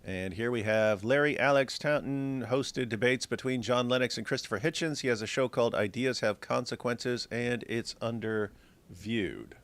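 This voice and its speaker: A man's voice: mid-range voice, normal speed, a bit bright. A man hosting a casual live stream, reading viewer comments aloud with dry, wry humor. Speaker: show host.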